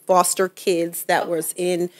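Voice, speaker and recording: A middle-aged woman, a guest actress, chatting in an interview and telling stories with lively acted-out voices and frequent laughter. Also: lowish voice, slow pace. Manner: animated storyteller, acts out voices, laughs often. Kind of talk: casual interview chat.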